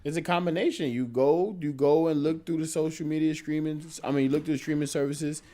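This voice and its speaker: A man co-hosting a relaxed podcast, debating with friends. He argues in a measured, thoughtful way, often restarting a phrase before finishing it. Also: on the high side. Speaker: podcast co-host. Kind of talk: casual debate chat.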